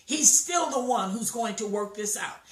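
A woman preaching a sermon, telling a story slowly and emphatically and acting out the quotes. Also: fairly high pitch, animated. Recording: echoey room, voice from far off mic.

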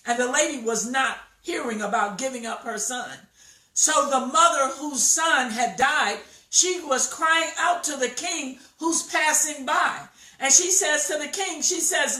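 A woman preaching a sermon, telling a story slowly and emphatically and acting out the quotes. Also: high-pitched, pushed and bright. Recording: echoey room, voice from far off mic.

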